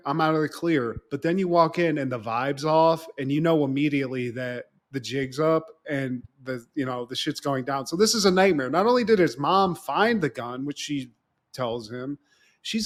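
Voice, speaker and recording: A man co-hosts a casual podcast and retells a TV episode with lots of energy. His voice sits fairly high for a man, and he swears freely. He keeps dropping into quick impressions of the characters as he talks. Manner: animated, swearing, acts out characters' lines. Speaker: podcast co-host. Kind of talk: casual chat recapping a TV episode.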